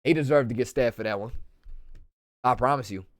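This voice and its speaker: A man's voice: medium pitch, fairly quick, dry recording, clean studio sound. Crude joking young man streamer. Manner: crude, joking and excitable, lots of slang. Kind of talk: casual game commentary.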